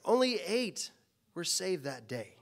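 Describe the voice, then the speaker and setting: A man's voice: high voice, sing-song, takes it slowly, creaky, a bit bright. A man preaching a sermon as pastor, impassioned and full of rhetorical questions.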